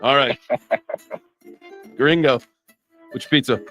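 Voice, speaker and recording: A man's voice: mid-range voice, slow pace, a bit bright, soft background music. A man hosting a casual crypto livestream, joking loosely and swearing freely. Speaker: host.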